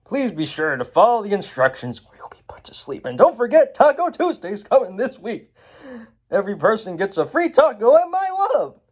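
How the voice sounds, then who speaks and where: Here is a smug corporate villain, as a man puts him on addressing the public over TV. He sounds falsely friendly, and his pitch climbs up high as he pushes a cheery message. The tone is menace dressed up as charm. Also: very animated, normal speed. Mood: smarmy. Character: smarmy male corporate villain announcing on TV.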